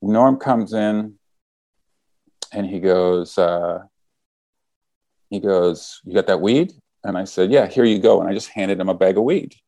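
A man's voice: deep voice, a little slow, pauses often, mellow, dry recording. A man casually telling a story, acting out the quoted lines as he goes.

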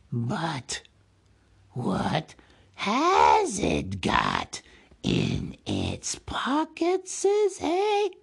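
A man reading a storybook aloud, voicing a slimy, sly male cave creature who hisses and drags out his words in a high, whiny sing-song. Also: gravelly, husky, exaggerated voice. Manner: drawn-out, sing-song, talks of himself as precious.

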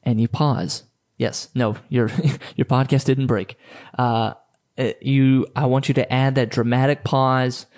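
A man's voice: mid-range voice, level tone, measured pace, a little mellow. Casual male podcast host with a mid-range voice, rambling, filler-heavy coaching talk. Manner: loose and chatty, many fillers and restarts.

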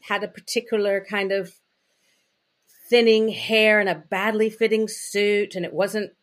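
Her mid-range voice barely moves in pitch and runs a little slow. As an interview guest and intimacy coach, the woman tells personal stories candidly and chattily, leaning heavily on "you know" and "like."

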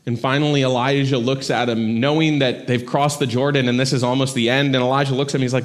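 A man's voice: medium pitch, level tone, fast talker, few pauses. A man giving a church sermon in a conversational style, often checking in with "right?". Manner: conversational preaching with frequent "right?". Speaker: pastor. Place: church sanctuary.

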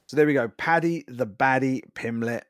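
A man's voice: mid-range voice, normal speed, no echo, studio quality. A man hosting a fight recap show, summing up the night with emphatic enthusiasm. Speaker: podcast host.

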